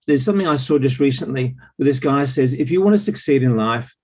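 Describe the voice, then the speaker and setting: A man speaking up on a group call, thoughtful and measured as he responds. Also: mid-range voice, animated, darkish tone. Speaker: call participant. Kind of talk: casual group call remarks.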